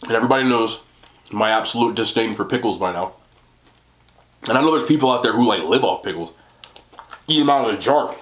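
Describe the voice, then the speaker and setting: A man's voice: mid-range voice, brisk, pauses often, fairly bright tone. A young man chatting casually on camera while he eats, laughing often and poking fun at himself. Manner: chatty and self-deprecating, laughs often, talks while eating. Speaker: mukbang vlogger. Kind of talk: casual eating vlog chat. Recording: roomy home recording.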